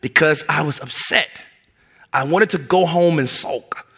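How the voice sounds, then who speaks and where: Male pastor, middle-aged, lively storytelling sermon, bright edge, slightly high voice. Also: a little slow, vocal fry, husky. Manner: animated, acts out voices in anecdotes.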